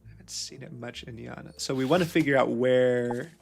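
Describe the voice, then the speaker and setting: A man's voice: medium pitch, a little fast, gravelly, faint music behind. A man playing a detective puzzle game, thinking aloud and muttering questions to himself as he works through the clues. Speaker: let's play host.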